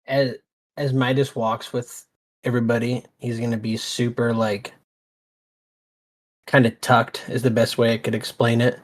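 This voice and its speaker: A man's voice: medium pitch, little pitch movement, measured pace, long pauses. A man playing a tabletop role-playing game, describing and voicing his character in a laid-back, drawling way. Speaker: player. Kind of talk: casual in-character play.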